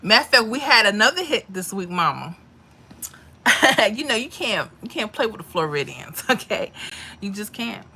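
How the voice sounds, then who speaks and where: Bright chatty woman host. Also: medium pitch, normal speed, husky. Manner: chatty, animated, calls viewers mama and honey. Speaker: lottery livestream host. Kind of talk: casual livestream chat reading comments.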